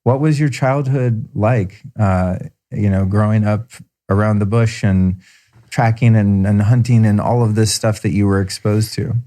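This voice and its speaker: Low, mellow-voiced enthusiastic male podcast host. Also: fairly even intonation, unhurried. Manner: effusive, enthusiastic. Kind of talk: podcast intro and interview.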